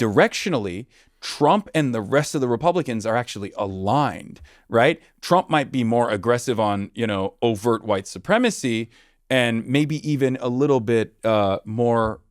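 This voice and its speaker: A man as a podcast guest, talking politics in long, argumentative, winding sentences that slow down on key points. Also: medium pitch, expressive, dry recording, clean studio sound. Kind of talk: political commentary in conversation.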